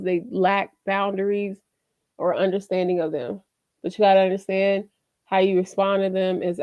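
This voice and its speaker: A woman's voice: medium pitch, no echo. A woman chats candidly to her viewers, tossing in slangy asides and plenty of "you know" as she goes. Her voice comes through a dull, lo-fi mic, and the recording is dry with no room sound. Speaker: vlogger giving life lessons. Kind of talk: casual talk to camera.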